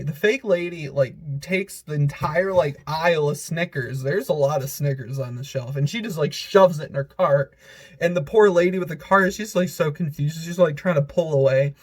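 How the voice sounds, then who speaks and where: A man's voice: a little high, a little mellow. A man giving a giggly, rambling casual commentary countdown as a vlogger, full of filler words.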